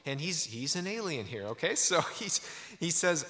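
A man's voice: fairly high pitch, sing-song, moderate pace, hardly any pauses, sharp tone. Man preaching in an echoey church. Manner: storytelling with many restarts. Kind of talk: sermon.

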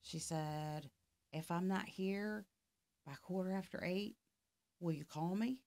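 A woman's voice: on the low side, slow pace, darkish tone. A middle-aged woman, a life coach, telling a story in casual conversation and acting out both sides of the dialogue. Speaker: podcast guest, life coach.

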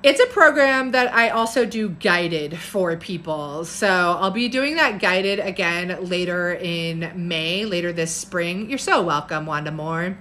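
Bubbly and chatty, this herbalist talks casually on her live stream, laughing a lot and reading out comments from viewers. She has a bright, forceful voice that sits on the low side.

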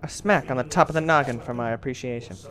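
A fast-talking gamer with a mid-range voice delivers goofy, mildly crude commentary during a video game. A crowd can be heard in the background, and the noisy recording also carries game sound.

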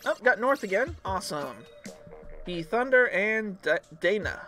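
A woman gaming streamer gives casual running commentary as she plays an online game, chatting and reacting aloud to the match. Her medium-pitched voice is animated and a bit bright at a measured pace, with game music playing behind her.

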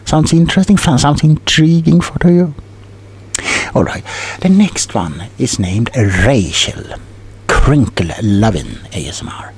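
A man's voice: medium pitch, animated, a little slow, slight background noise. A man playing a rambling, scatterbrained tingle salesman in a whispered role-play, stumbling over his words. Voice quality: soft whispering. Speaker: ASMR role-play performer.

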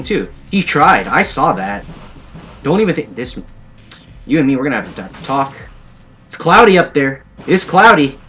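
A young man provides playful, sarcastic let's-play commentary on a shooter game, full of jokey asides. His mid-pitched voice is fairly bright, with faint game music and a little hiss or hum in the background.

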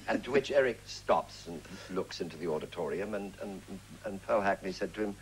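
Man, sixties, English, very low voice, anecdotal, faint tape hiss. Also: quick pace, hardly any pauses, low-quality recording. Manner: lively storyteller, breaks into character voices and laughs. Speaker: actor, interview guest. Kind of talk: anecdotal chat show interview. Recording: 1980s TV studio, faint hiss.

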